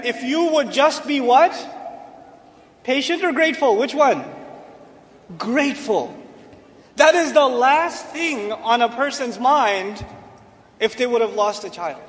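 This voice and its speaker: A man's voice: extremely high pitch, a bit bright, in a large hall. A man giving a humorous Islamic lecture from a stage to a live audience, asking rhetorical questions and joking. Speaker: Islamic speaker. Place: large hall, on stage.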